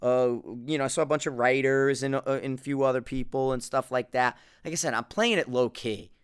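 Rambling, fast-talking East Coast man. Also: medium pitch, clean tone. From Connecticut, US East Coast. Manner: rambling, animated storytelling with frequent cursing and restarts. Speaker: podcast host. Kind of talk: casual monologue.

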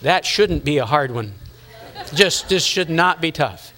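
A middle-aged man preaches a sermon in a high, bright voice. He keeps it conversational, teasing his listeners and acting out the thoughts people have. His delivery is lively and personal. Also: a little slow. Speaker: pastor.

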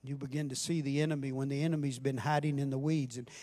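An older man giving a passionate sermon as guest preacher, rising in volume and dropping back to quiet questions. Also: mid-range voice, little pitch movement, quick pace. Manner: passionate, builds in volume, then drops to questions. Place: church. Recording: music playing underneath.

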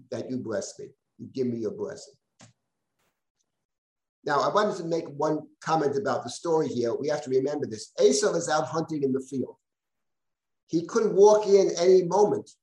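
A man's voice: mid-range voice, darkish tone, echoey room, low-quality recording. A man teaching a live text-study class as a rabbi, reading verses aloud and explaining them in a conversational way with self-deprecating asides.

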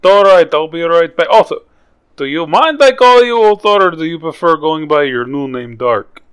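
Player, male, high pitch, jokey in-character banter, quick to laugh. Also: expressive, fairly bright tone, clear, resonant tone. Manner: goofy, joking, playful. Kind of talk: playing a character in a tabletop game.

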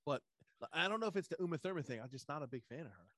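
A man chatting casually and excitedly retelling movie scenes, swearing a lot. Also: on the high side, racing, a little hiss or hum. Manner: animated storyteller, swears a lot, acts out movie quotes. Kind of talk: casual chat.

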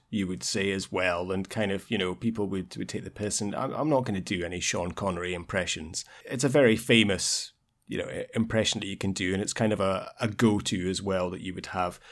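A man co-hosting a podcast, telling anecdotes in a relaxed, chatty way, his phrases often trailing off quietly. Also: on the low side. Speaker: podcast co-host. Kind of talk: casual chat, telling anecdotes.

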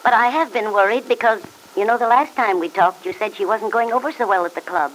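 An actress playing a warm, friendly, optimistic country aunt in a 1940s-style radio drama. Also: female voice, medium pitch, brisk, a little hiss or hum, lightly acted, low-quality recording.

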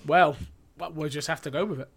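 A man co-hosting a casual podcast over a remote call, loud and teasing, swearing freely. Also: a little high, brisk, vocal fry, breathy edge. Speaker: podcast co-host.

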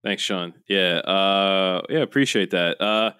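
A man's voice: sits low, slow pace, pushed and bright, clear, resonant tone, dry recording, studio quality. A man hosting a podcast, chatting in a jokey, rambling way. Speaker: podcast host. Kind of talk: casual chat.

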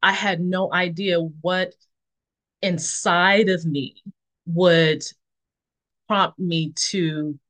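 A woman in her forties sharing a personal faith testimony in conversation, reflective and unhurried, pausing often with fillers. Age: 40s. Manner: reflective, acts out quoted friends with lively high voices. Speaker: podcast guest.

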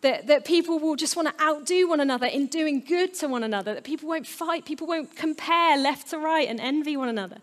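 A woman's voice: high voice, a little fast, hardly any pauses. A woman giving a sermon, earnest and storytelling, with playful asides. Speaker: preacher.

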